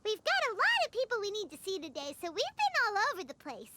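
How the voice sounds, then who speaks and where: A woman's voice: very high voice, huge pitch swings, quick pace, full character voice. A woman voicing a tiny, bubbly fairy companion girl for a game, who talks about herself in the third person. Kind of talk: game voice acting. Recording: noisy game audio capture.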